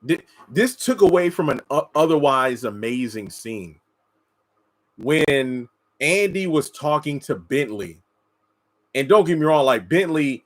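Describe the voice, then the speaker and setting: A man giving casual commentary on a TV episode, answering chat comments and mocking characters in high put-on voices. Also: a bit bright, poor audio. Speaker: TV show reviewer.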